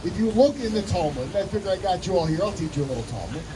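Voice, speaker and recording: A man, a rabbi, giving an animated speech at an outdoor rally and acting out the voices in a story he tells. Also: high-pitched, fast, distant mic. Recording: outdoor rally with loud ambient noise.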